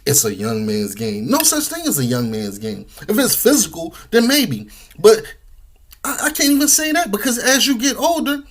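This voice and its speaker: A man's voice: high voice, very animated, moderate pace. A man, talking casually and profanely with lots of slang, eating while he talks. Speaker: podcast host. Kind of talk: casual monologue.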